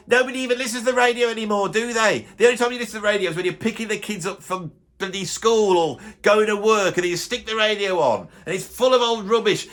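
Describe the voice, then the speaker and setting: A man doing a bitter middle-aged music snob who grumbles and blusters through a comic rant. The voice sits a touch high and comes out bright and tense. He trips over his own restarts as the complaints pile up. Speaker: YouTuber doing a comic character.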